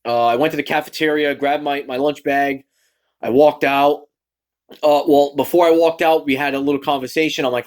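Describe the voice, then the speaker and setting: A man's voice: on the high side, fairly quick. Rambling young man from Massachusetts. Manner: rambling, many fillers and restarts; animated, acts out quoted lines. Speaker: vlogger. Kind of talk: casual storytelling rant.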